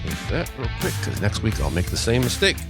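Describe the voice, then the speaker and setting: A middle-aged man, co-hosting a casual podcast and telling rambling stories, with loud acted-out quotes. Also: mid-range voice, very animated, brisk, vocal fry, loud music behind the voice. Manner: rambling storyteller, acts out quotes loudly. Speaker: podcast co-host. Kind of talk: casual chat.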